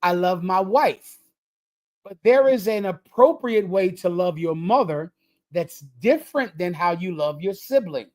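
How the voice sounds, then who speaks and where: A man's voice: high voice, animated, a little slow, darkish tone. A man leading a livestreamed religious lesson, preaching emphatically in a lecturing, repetitive cadence. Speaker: religious group leader.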